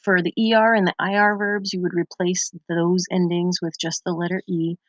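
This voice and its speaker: A woman's voice: fairly low pitch, flat delivery, moderate pace, no room sound. A Spanish teacher, a young woman, patiently explaining grammar step by step over her slides in a recorded lesson. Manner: patient, methodical explaining with examples.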